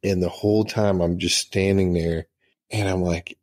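A man's voice: deep voice, steady tone, slow pace, pauses often, a little mellow. A middle-aged man, a retired senior master sergeant, telling profane, laughing anecdotes in casual storytelling.

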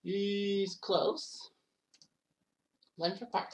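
A woman's voice: mid-range voice, little pitch movement, very slow. Woman commentating a golf game from far off. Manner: chatty, blurts exclamations and mild swearing. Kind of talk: casual play-by-play of a golf video game. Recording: distant mic with loud background noise.

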